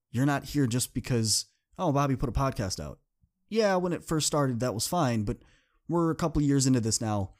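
A young man talks straight to his listeners in a motivational podcast monologue, earnest and heartfelt. His voice sits at an ordinary, middle pitch for a man, and he keeps stacking phrases with rising intensity. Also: lively intonation, moderate pace. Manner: earnest, building to impassioned repetition. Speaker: podcast host.

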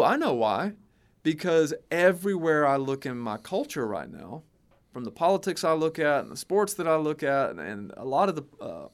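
A man co-hosting a podcast, a teacher, talking in an animated storytelling way and quoting others. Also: a little high, clean tone. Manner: animated, storytelling with quoted voices. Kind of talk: casual podcast discussion.

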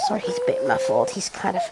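A woman's voice: extremely high pitch, wildly swooping pitch, fairly quick, heavy background noise. A woman chatting casually to her listeners while feeding her baby, breaking off to scold him and talking in a sing-song baby voice. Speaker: parent podcaster.

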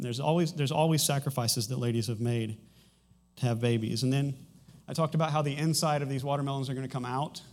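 A man's voice: mid-range voice, a little mellow. A man in his thirties preaching a sermon as a pastor, talking conversationally with frequent restarts and a light humorous touch.

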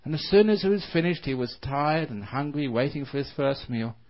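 A man, a Buddhist monk, giving a dharma talk with lively storytelling and frequent laughter. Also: on the high side, brisk, highs cut off. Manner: animated storyteller, laughs often.

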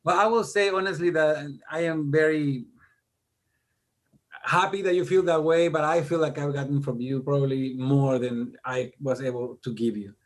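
Middle-aged guy on a podcast, kinda high voice, jokey and animated, makes fun of himself. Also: moderate pace. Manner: animated, self-deprecating joker. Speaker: guest music producer. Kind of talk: casual interview storytelling.

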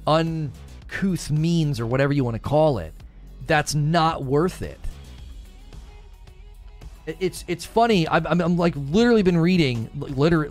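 A fairly high-voiced man giving a heated, impassioned commentary, circling back to repeat and restart his points. Faint music runs quietly behind him. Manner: grows more heated and rises in pitch as he argues.

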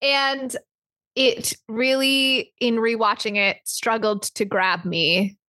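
A woman co-hosting a film podcast, chatting in a loose, rambling way full of fillers. Her voice is fairly high, and the sound is close and dry. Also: fairly even intonation, takes it slowly, pushed and bright, no echo. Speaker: podcast co-host. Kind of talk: casual chat.

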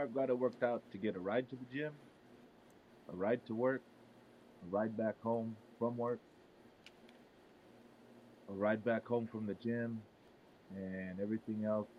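A man's voice: lowish voice, phone-quality sound. A man, telling stories bluntly and casually, with plenty of cussing. A faint hiss sits under the recording. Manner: blunt, profane storytelling. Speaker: podcast co-host. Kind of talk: casual group chat. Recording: faint background noise.

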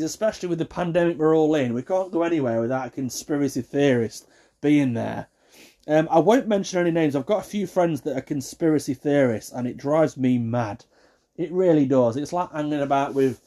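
A man vents his pet peeves in a comic rant. His voice is fairly high yet mellow and relaxed in tone. He lurches from hushed, muttered asides to loud exasperated bursts. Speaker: vlogger.

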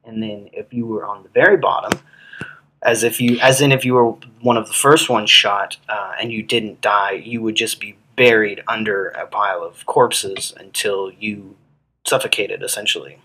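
A man's voice: lowish voice, fairly even intonation, moderate pace, bright, forceful tone, husky, poor audio. A man co-hosting a history podcast in casual chat, blunt and profane, with a sarcastic edge. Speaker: podcast co-host.

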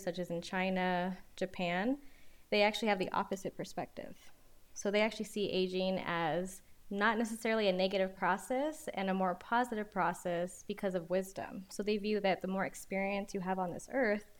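A woman in her late twenties co-hosting a casual discussion. She explains each point in a measured, steady way. Her pitch sits in an ordinary middle range. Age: late 20s. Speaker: podcast co-host.

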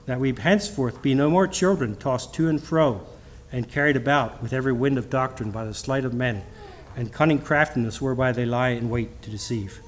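A middle-aged man preaching a church sermon with personal testimony. He speaks haltingly, restarting often, and reads scripture in King James wording. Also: medium pitch, slight background noise. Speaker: lay preacher.

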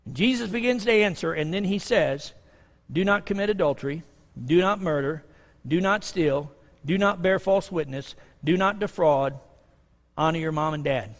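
Pastor, male, high-pitched, plain talk that jumps from booming stress to quiet asides; long church-hall echo. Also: moderate pace. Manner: conversational preaching with sudden swings from loud emphasis to hushed asides. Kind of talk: sermon. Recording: long reverb of a large hall.

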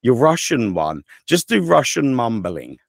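A man with an English accent co-hosting a podcast, joking and telling stories in a playful, animated way. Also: mid-range voice, a little slow, vocal fry, dry recording, studio quality. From England. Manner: playful, jokey, animated storyteller. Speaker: podcast co-host. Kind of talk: casual podcast banter.

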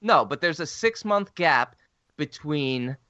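A man talks over a film with friends, eagerly working through its plot in detail. His voice sits at an ordinary pitch. The recording is dry and close, and a little dull. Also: expressive, slow, bright, forceful tone, no room sound. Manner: eager, explains plot at length. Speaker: podcast co-host. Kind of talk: casual film discussion. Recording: dry, slightly dull sound.

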